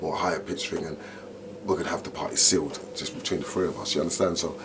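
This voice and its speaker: A deep, low-pitched man talks casually through an interview, winding through his stories with plenty of fillers and check-ins. A steady hum of background noise runs under his voice. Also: fast. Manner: deep voice, relaxed storytelling, frequent "you know what I'm saying". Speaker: interview guest, MC.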